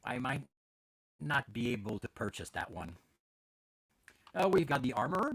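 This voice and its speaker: A man's voice: medium pitch, sing-song, normal speed, creaky, long pauses, fairly bright tone, no room sound. A man hosting a podcast from home in casual chat, rambling with many fillers and restarts. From Canada. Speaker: podcast host. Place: at home with his dog.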